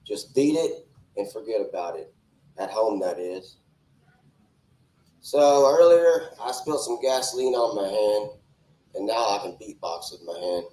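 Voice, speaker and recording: A man's voice: lowish voice, lively intonation, unhurried, pauses often, warm tone. A man in his forties doing crude, brash, rambling stand-up at a club open mic with a handheld microphone. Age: 40s. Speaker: stand-up comedian. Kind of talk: stand-up comedy. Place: small comedy club stage. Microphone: handheld stage microphone. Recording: roomy club sound.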